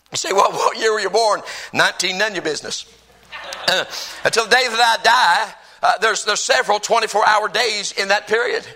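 A man's voice: sits high, gravelly, bright, forceful tone, low-quality recording. A man preaching a sermon as pastor, stressing and repeating key phrases.

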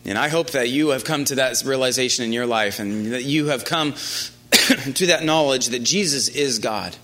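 A man delivers a conversational sermon at normal speed. He often restarts his phrases, and when quoting lines his voice drops quiet and low.

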